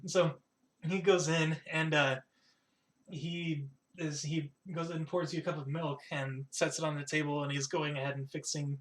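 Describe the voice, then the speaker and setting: A man's voice: a little high, little pitch movement, moderate pace, roomy sound. A young man narrating a tabletop game as game master, rambling with many fillers.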